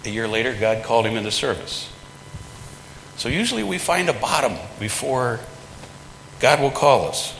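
A man's voice: medium pitch, sing-song, moderate pace, vocal fry, pauses often, fairly bright tone, a little hiss or hum. A man preaching a sermon from the pulpit in a folksy, conversational way, acting out quotes in plain everyday speech. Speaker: pastor. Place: large church sanctuary. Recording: echoey hall with long reverb.

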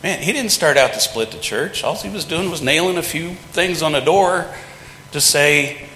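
Folksy preacher in an echoey church. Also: male voice, fairly high pitch, normal speed, pushed and bright, slight background noise. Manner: folksy, conversational preaching with acted-out quotes. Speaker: pastor. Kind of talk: sermon. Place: large church sanctuary. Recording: echoey hall with long reverb.

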